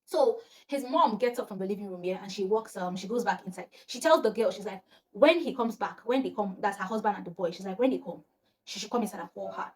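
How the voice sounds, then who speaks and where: A young woman from Nigeria with a Nigerian accent, telling a personal story in casual vlog chat and acting out the voices of the people in it. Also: fast talker. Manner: animated, acts out quoted voices, often drops to a low murmur. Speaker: storyteller vlogger.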